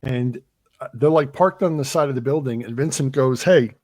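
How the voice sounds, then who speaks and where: A man's voice: mid-range voice, moderate pace, darkish tone. A man chats casually on a movie podcast, retelling scenes and acting out quoted lines. He talks loosely with many ums and restarts. The sound is close and dry, with no room echo. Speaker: podcast host.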